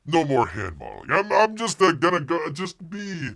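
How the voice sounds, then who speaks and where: A theatrical male bear with a mock Italian accent, put on by a man, pleading in broken English. The voice sits well above the speaker's own and swings widely in pitch. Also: wildly swooping pitch, moderate pace, vocal fry, a bit bright, full character voice.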